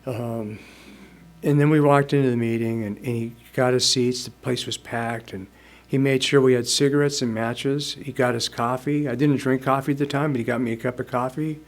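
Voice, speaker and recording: A man's voice: mid-range voice, fairly even intonation, moderate pace. Brief: man, 60s, speaker at a recovery meeting, loose rambling storyteller, mid-range voice. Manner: casual, rambling, chuckles while telling. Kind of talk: personal storytelling testimony.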